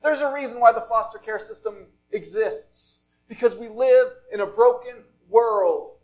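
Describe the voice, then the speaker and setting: High-voiced male pastor preaching. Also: poor audio. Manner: deliberate phrasing, often dropping to a soft, low close. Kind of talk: sermon.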